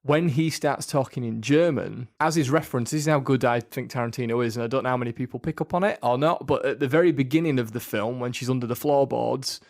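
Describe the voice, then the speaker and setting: A man chats casually on a podcast in an ordinary, middle-pitched voice. He rambles a bit, filling gaps with ums and circling back to finish his points. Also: fast, gravelly, few pauses, darkish tone. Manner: rambling, many fillers and restarts. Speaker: podcast co-host. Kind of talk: casual chat.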